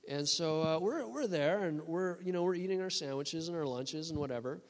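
A man preaching and telling a story to a church, with many restarts and a lively storytelling delivery. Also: on the high side, normal speed. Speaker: guest preacher. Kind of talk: sermon storytelling. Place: church hall. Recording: long reverb of a church hall.

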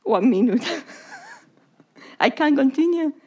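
High-voiced woman preaching in English. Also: wildly swooping pitch, slow, dark tone, dull audio. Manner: non-native English with Spanish slips, drops to whispers. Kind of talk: sermon.

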